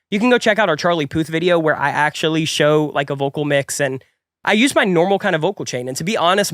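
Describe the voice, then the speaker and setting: Fast-talking stuffy young man. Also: fairly high pitch, fairly bright tone, no echo, studio quality. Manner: upbeat, chatty, rambling. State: stuffy from a cold. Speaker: music production tutorial host. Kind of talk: casual tutorial talk.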